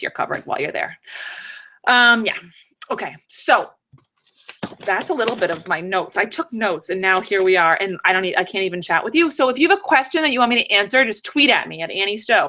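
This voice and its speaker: A woman's voice: lowish voice, pushed and bright. A woman in her thirties chatting casually to her viewers from home, rambling through tips with joking asides. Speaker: vlogger giving conference tips. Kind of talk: casual live-stream chat. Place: home, third floor room.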